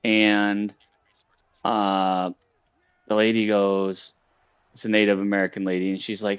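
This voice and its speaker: Low-voiced dude rambling through a story, swears a lot, lots of ums, dry close mic. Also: male voice, fairly even intonation, a little slow, pauses often, clear, resonant tone, dry recording. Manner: rambling and profane, with many fillers. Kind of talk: casual storytelling.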